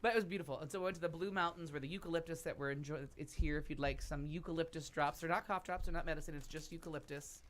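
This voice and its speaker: Man, chatty storyteller, rambling asides, fairly high voice, casual talk show. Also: steady tone, rapid-fire, hardly any pauses, a bit bright. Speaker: podcast cast member telling a travel story. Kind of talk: casual chat.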